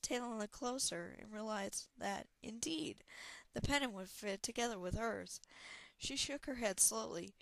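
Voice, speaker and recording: A woman's voice: fairly high pitch, animated, unhurried, creaky, fairly bright tone, slight background noise. A woman narrating a fantasy novel chapter, reading aloud expressively. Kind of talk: audiobook reading.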